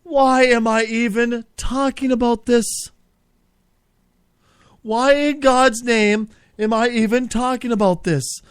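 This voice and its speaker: A man hosting a comedy show, bickering and swearing, jumping between squeaky outbursts and low grumbling. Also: fairly even intonation, takes it slowly, smooth, no echo, studio quality. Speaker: podcast host.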